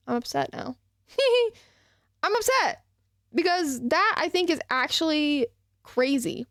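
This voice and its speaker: A woman's voice: sits high, expressive, a little slow, fairly bright tone, dry recording, clean studio sound. A young woman streamer ranting and laughing as she reacts to a game, with casual, profane commentary. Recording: game music playing behind.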